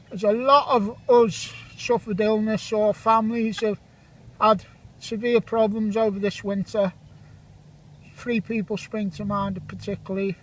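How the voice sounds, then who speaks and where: A man in his forties with a fairly high voice rambles through casual commentary as he sweeps a field with a metal detector. He is jokey and chatty, teasing friends and handing out shout-outs between finds, recorded outdoors. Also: poor audio. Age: 40s.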